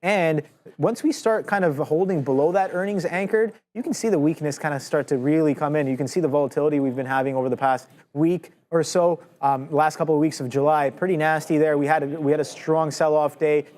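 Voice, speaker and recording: A man's voice: on the high side, darkish tone. Casual male trading show host. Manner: casual, quick restarts while walking through charts. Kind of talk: live market commentary.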